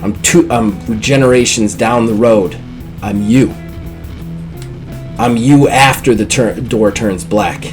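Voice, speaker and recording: A man voicing a weary, menacing male villain who is the hero's own future self, speaking low and slow. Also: music in the background, lightly acted. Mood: grim.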